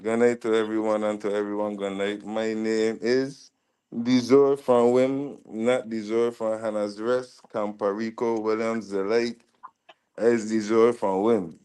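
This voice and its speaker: A man guesting on a live stream interview, relaxed, polite and dryly humorous. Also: lowish voice, measured pace, smooth. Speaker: rapper, guest. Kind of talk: casual interview chat.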